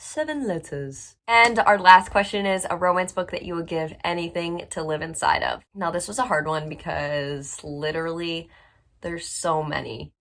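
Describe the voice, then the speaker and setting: A young woman talks about her books in a casual vlog, bubbly and gushing. Her voice sits on the low side, filled with likes and ums as she chats to her viewers from home. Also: steady tone, normal speed, a bit bright. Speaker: book channel host. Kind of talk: casual book vlog chat.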